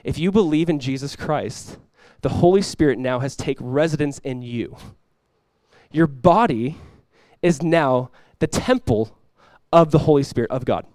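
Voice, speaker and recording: A man's voice: a little high, unhurried, darkish tone, dry recording. A man preaching a sermon as pastor, talking casually with the congregation and rising into emphatic bursts.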